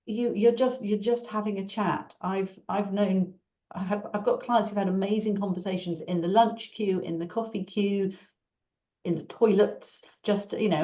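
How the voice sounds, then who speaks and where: A woman, a marketing consultant hosting an online Q&A, chatty and animated, acting out small talk. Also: mid-range voice, moderate pace. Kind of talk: casual online Q&A. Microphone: video call. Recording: dull lo-fi video call audio.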